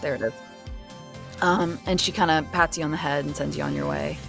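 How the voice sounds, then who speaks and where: A woman's voice: low-pitched, steady tone, fairly quick, vocal fry, music in the background. A woman running a tabletop role-playing game as game master, narrating in a rambling way with lots of fillers and restarts. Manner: rambling with many fillers and restarts, searching for words.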